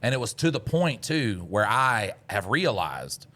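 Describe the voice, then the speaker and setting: A man, co-hosting a podcast, telling a story in casual chat, swearing a lot and jumping into loud voices when he quotes himself. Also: lowish voice, big pitch swings, measured pace. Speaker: podcast co-host.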